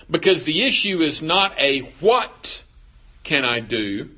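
A pastor preaching a sermon, emphatic and asking the congregation rhetorical questions. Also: male voice, a little high, big pitch swings, slow, muffled recording.

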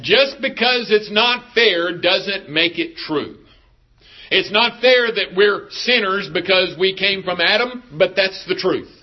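A pastor preaching a sermon, emphatic and asking the congregation rhetorical questions. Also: male voice, sits high, lively intonation, takes it slowly, muffled recording.

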